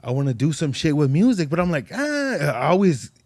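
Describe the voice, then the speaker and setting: A man's voice: a little high, fast talker, a little mellow, no room sound, clean studio sound. A man as a podcast guest telling stories in casual chat, swearing a lot, rambling, and acting out the voices of people he quotes.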